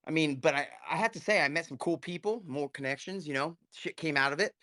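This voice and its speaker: A man's voice: fairly high pitch, fast talker, sharp tone, no echo. A man telling a heated, profanity-laced story in casual live audio chat over an online call. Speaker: guest speaker.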